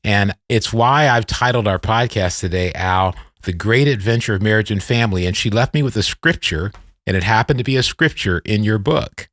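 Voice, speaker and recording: Male podcast host in his fifties, low-pitched, dry close sound, loose anecdotal delivery. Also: moderate pace, no echo. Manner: rambling, animated storyteller with many restarts. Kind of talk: casual storytelling interview.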